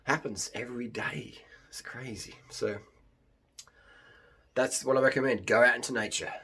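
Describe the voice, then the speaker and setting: A man with an Australian accent talking off the cuff to camera, lively and jumping into high mock voices when he imitates others. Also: normal speed, a little hiss or hum. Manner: animated, mimics others in high put-on voices. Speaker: vlogger. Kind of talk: unscripted monologue to camera.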